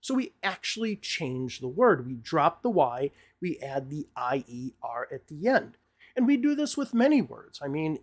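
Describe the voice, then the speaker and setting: A middle-aged man teaching an English grammar lesson, explaining patiently step by step with examples. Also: fairly high pitch.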